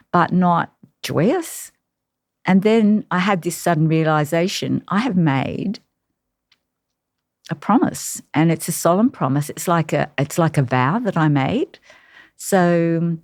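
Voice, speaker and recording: A woman, a carer, telling her personal story in an interview, reflective and halting with many pauses. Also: deep voice, creaky, a little mellow, dry recording, clean studio sound.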